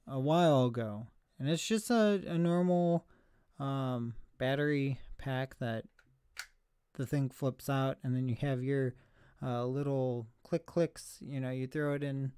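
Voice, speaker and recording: A man's voice: mid-range voice, a little mellow, smooth, dry recording, clean studio sound. Breathless, chatty man streaming. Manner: chatty, rambling, self-deprecating, sometimes breathless. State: slightly out of breath. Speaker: thrift reseller streamer. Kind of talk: casual live stream chat.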